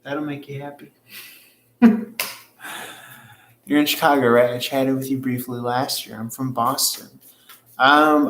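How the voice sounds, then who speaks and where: A man's voice: medium pitch, fairly bright tone, a little hiss or hum. A man hosting a tarot livestream, chatting casually and rambling, with frequent swearing as he reads out viewers' comments. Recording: roomy echo with faint ambience.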